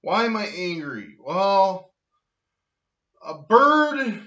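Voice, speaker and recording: Slow, shouting man in a comic rant. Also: high voice, big pitch swings. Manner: slow, loud, shouting angry outbursts. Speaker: comedic vlogger ranting to camera. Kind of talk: comedic rant. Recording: dull lo-fi recording.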